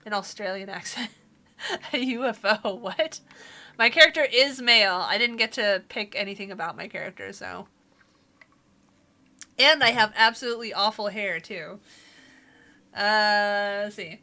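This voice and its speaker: A woman's voice: mid-range voice, a little slow, long pauses, bright, forceful tone. A young woman casually commenting on a game she is playing, reading the game's dialogue aloud with playful jokes and asides. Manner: playful, joking asides and frequent laughter.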